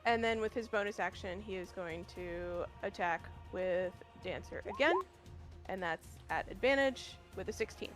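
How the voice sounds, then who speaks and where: A woman's voice: mid-range voice, moderate pace, faint music behind. Hesitant woman playing a tabletop game. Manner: hesitant, lots of ums and uhs. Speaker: player. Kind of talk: casual tabletop game play.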